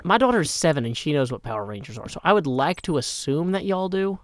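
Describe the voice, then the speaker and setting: A middle-aged man from Nashville, chatting casually as he plays a game on a live stream, self-deprecating, and often dropping to a hushed mutter. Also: fairly high pitch, lively intonation, brisk, dry recording, studio quality. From Nashville, Tennessee. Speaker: gaming streamer. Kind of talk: casual live gameplay commentary.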